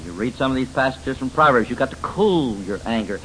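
A man teaching about biblical counseling, emphatic and folksy, often pausing on "uh" as he tells homely stories. His voice sits at an ordinary middle pitch. A faint hiss runs under the speech. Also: expressive, fairly bright tone, poor audio. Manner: emphatic, folksy storytelling with many fillers. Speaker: Christian counselor lecturing. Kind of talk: teaching lecture.

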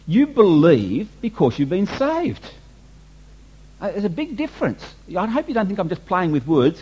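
A man preaches a sermon emphatically, repeating and restating his points and asking the congregation rhetorical questions. His fairly high voice is a little mellow and slightly rough, and the audio sounds dull.

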